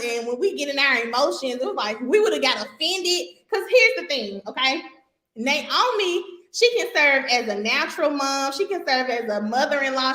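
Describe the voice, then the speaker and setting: Bright, high-voiced woman teaching Bible. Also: roomy sound. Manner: animated and conversational, talks straight to listeners with colloquial asides. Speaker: podcast host teaching from the Bible.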